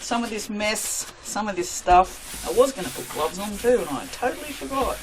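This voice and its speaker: A woman's voice: medium pitch, animated, moderate pace, noisy background. A woman chatting casually to her viewers while making soap, self-mocking and talking to herself as she works. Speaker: soap maker.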